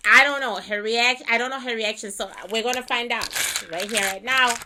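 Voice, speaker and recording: A woman's voice: fairly high pitch, steady tone, fairly quick, heavy background noise. A woman giving a casual spiritual reading to camera, talking bluntly and irreverently with laughing asides. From Canada. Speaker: psychic reader.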